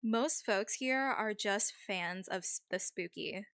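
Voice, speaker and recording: Woman doing a Valley-girl witch, vain, airy, fashion-obsessed, slow drawling delivery, dry close sound. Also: medium pitch, a bit bright, clean tone, no echo. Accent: put-on Valley girl.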